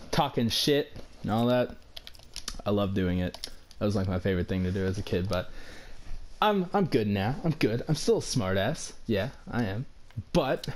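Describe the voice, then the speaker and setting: A man's voice: on the low side, slight background noise. A young man telling a story in a casual, rambling way, filling his talk with "like" and the odd swear word. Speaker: vlogger.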